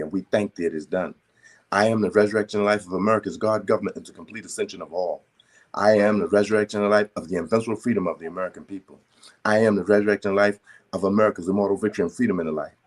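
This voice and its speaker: A man in a prayer circle slowly and deliberately reciting spiritual decrees, stumbling over his first words. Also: lowish voice. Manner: slow, deliberate, emphatic recitation with stammered starts.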